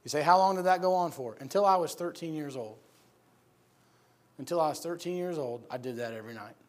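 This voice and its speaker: A middle-aged man from upstate New York preaching and telling personal stories, acting out the voices in them with loud shouts and dropping to a soft low tone for serious moments. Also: a little fast. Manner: animated, acts out voices of people in his story with loud high shouts. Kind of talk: sermon storytelling.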